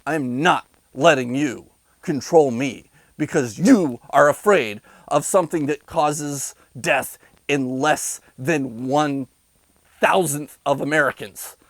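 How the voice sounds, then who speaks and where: A man's voice: fairly high pitch, slow, a bit bright, no echo, rough recording. A man delivering an angry, sarcastic rant to his viewers, insulting them between bitter laughs. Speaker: vlogger. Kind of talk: angry ranting monologue.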